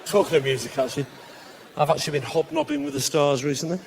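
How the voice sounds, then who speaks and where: A man doing live stand-up comedy in a large venue, bantering with the crowd, mocking, and breaking into bursts of shouting. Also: on the high side, sing-song, fast talker, background noise. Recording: live show with loud audience laughter.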